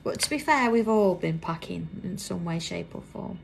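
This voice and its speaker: A British woman with a gravelly, fry-tinged, fairly low voice hosts a live craft tutorial stream from a busy indoor workroom. She is animated and chatty at a normal pace, dropping to a soft near-whisper while she concentrates on drawing, with a constant background hum beneath her.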